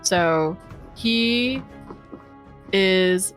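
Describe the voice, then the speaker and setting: Woman player thinking out loud, lots of likes and ums, light music behind. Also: medium pitch, drawn-out words. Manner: hesitant, chatty, many fillers and restarts. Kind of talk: playing a tabletop game.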